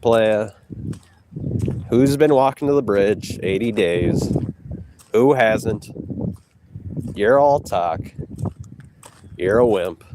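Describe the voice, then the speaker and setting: A man with a fairly low voice vlogs on an outdoor walk, holding his phone and taunting a rival between breaths. He speaks very slowly with frequent pauses, boasting over a noisy background in this trash-talking walk vlog.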